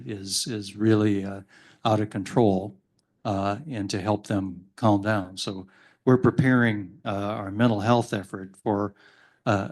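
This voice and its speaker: A man moderating a public panel, speaking haltingly with many pauses and fillers. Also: fairly low pitch. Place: event hall with audience.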